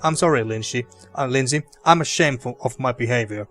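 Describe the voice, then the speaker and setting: A man's voice: medium pitch, brisk, a bit bright, soft background music, lightly acted. A man voicing an ashamed young male poet who apologizes, in a slightly raised, earnest reading of game dialogue.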